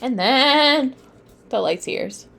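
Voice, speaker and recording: A woman's voice: high voice, expressive, drawn-out words, gravelly, a bit bright. A young woman teaching tarot on a live stream, chatting with viewers, often laughing and getting sidetracked. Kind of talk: casual live-stream lesson.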